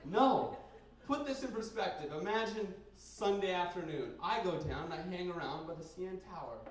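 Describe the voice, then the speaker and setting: A young man from Canada doing a crude, rambling stand-up set in a basement bar, with sudden loud outbursts. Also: high-pitched, expressive, fairly quick. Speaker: stand-up comedian. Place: basement bar comedy night. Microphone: handheld stage mic recorded by a camera in the room. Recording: very echoey basement room, heard from a distance.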